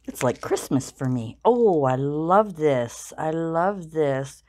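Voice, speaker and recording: A woman in her sixties chatting casually on her own channel, musing aloud as she opens gifts, warmly effusive. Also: low voice, animated, slow pace. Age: 60s. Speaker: craft channel vlogger. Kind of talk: casual unboxing chat.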